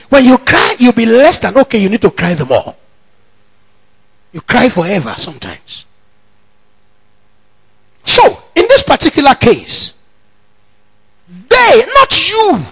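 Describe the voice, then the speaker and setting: A man preaches in a church, his voice very high and bright with a gravelly edge. He talks slowly and with wide swings in pitch. He moves from emphatic teaching into shouted declarations. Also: wildly swooping pitch, poor audio. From Nigeria. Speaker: pastor. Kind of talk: sermon.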